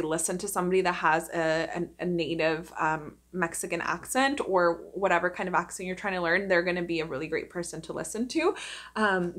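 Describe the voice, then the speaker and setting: A woman's voice: medium pitch, fairly bright tone. A young adult woman, an actor, chatting casually and enthusiastically to camera with many fillers. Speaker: actor and vlogger.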